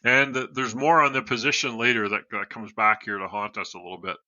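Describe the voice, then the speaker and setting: A man with a very bright, forward voice tells a true story as a podcast guest, moving from read narration to casual asides. The sound is dry and a little dull, as if on a modest home mic. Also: on the low side, fairly even intonation, brisk, dry recording.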